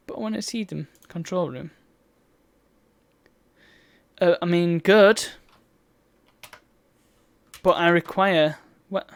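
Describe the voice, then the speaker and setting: A woman's voice: lowish voice, no room sound. A woman chatting through a live game stream, with exasperated outbursts at the game. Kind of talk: live gameplay commentary.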